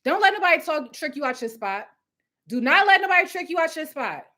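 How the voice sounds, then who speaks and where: A young woman preaches hustle on a live stream, loud and fired up. Her voice sits high and bright, with a forceful edge. She laughs often between points. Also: sing-song, fairly quick. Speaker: host of a live coaching stream. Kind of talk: live motivational talk. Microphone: phone or webcam at home with ring light.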